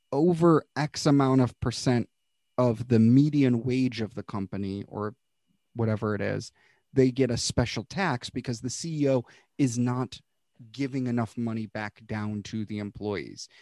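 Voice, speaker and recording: A man's voice: medium pitch, unhurried, darkish tone, no echo, clean studio sound. A man in his thirties co-hosting a podcast in casual chat. He rambles and laughs often. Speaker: podcast co-host.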